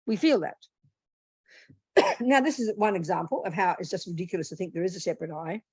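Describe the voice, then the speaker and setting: A woman's voice: on the low side, a little fast, a little mellow, slightly rough, dry recording. A woman, a Buddhist nun, teaching a meditation retreat in a blunt, plain-spoken and humorous way.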